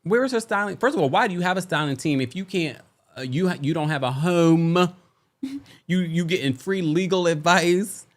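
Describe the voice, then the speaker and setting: A man hosting a recap show, in casual commentary that is animated and exasperated, with laughing asides. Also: on the high side, moderate pace.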